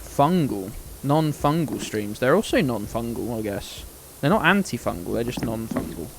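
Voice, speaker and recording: A man's voice: medium pitch, big pitch swings, normal speed, gravelly, noisy background. A man streaming a game, chatting casually to his viewers in a rambling, sweary, joking way.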